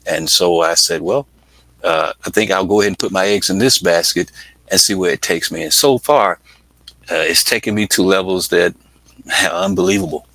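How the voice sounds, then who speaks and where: A man's voice: deep voice, moderate pace, gravelly, bright, forceful tone, dry recording, low-quality recording. A middle-aged man from Atlanta, a guest in an interview, telling stories in a chatty way, laughing often and acting out voices. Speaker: interview guest, music project manager. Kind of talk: casual storytelling interview.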